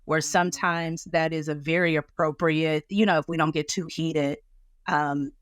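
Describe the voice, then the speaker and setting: A woman counselor speaking in a conversational interview, animated and acting out other people's reactions as she explains. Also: low-pitched, moderate pace, no room sound. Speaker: guest counselor.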